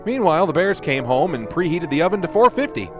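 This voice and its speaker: A man riffing sarcastically over a children's film, with deadpan wisecracks and mock voices. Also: a little high, fast. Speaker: comedic riffer dubbing over a film. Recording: over background music.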